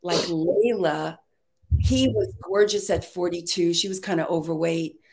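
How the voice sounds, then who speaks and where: A middle-aged American woman from Texas, a playwright and screenwriter telling stories as a guest in casual chat, animated and quick to laugh. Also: on the low side. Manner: animated storyteller, laughs often.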